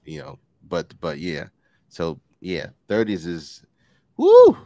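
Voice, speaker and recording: A man's voice: sits low, slow, no echo. A man in his forties in casual chat, joking and swearing, laughing often. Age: 40s.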